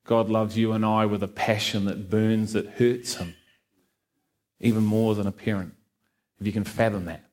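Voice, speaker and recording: A middle-aged man with a softened Liverpool accent, giving his personal testimony to a church congregation in an earnest, conversational way, with many fillers and a light joke now and then. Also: lowish voice, fairly even intonation, moderate pace. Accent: Liverpool (Scouse), softened by New Zealand. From Liverpool, England. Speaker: guest speaker giving testimony. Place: church hall with a live congregation.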